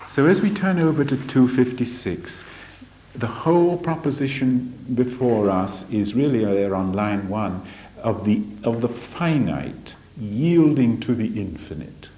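A man teaching from a spiritual text in a deliberate, emphatic lecture, often asking rhetorical questions. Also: mid-range voice, expressive, dark tone, slight background noise. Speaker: religious study teacher. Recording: dull lo-fi recording.

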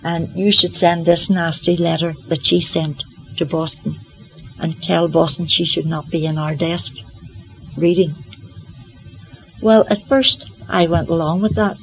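An older woman sharing a personal testimony in an earnest, gently humorous, reflective way. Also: on the low side, steady tone, a little slow, gravelly, faint music behind, poor audio. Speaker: Christian Science practitioner.

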